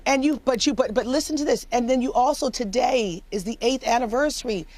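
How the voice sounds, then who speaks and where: A woman's voice: fairly high pitch, a little fast, a little mellow, dry recording. A woman political commentator speaking with emphatic passion on a news panel, often repeating words as she presses her point. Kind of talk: impassioned panel discussion.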